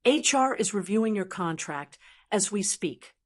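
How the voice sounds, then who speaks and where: A woman's voice: medium pitch, lively intonation, measured pace. A woman voicing a stern female corporate boss who speaks in a clipped, cold and threatening way.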